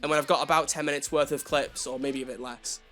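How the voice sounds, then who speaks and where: A man is livestreaming a video game, talking fast in a medium-pitched, steady, slightly bright voice. He chats casually with his viewers, addresses the chat directly, and makes fun of himself. Faint music plays in the background.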